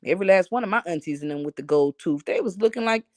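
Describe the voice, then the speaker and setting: A woman live-streaming in casual chat, telling profane, animated stories and talking to her viewers. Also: on the low side, fast talker, no room sound, clean studio sound. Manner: talks to chat and reads comments aloud.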